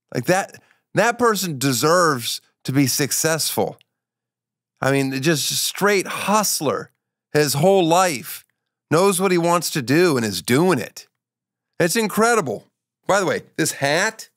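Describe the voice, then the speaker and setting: A man hosts a comedy talk show, joking and spinning stories in a wry, offhand way. His voice sits fairly high for a man. The sound is dry and close, with no room echo. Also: fairly bright tone. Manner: joking, wry, storytelling asides. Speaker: show host. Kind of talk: casual comedic interview and monologue.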